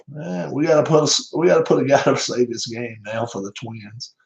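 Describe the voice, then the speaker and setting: A man's voice: medium pitch, fairly quick, vocal fry, muffled recording. A man with a Southern American accent, casually calling the plays of a tabletop baseball replay, rambling and chuckling often at himself. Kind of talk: casual play-by-play chat.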